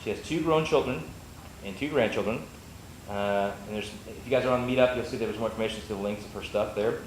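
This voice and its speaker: A man hosting a meetup, reading a speaker's introduction quickly, stumbling now and then and throwing in jokes. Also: lowish voice. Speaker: meetup host. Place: meeting room. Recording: echoey room with faint noise.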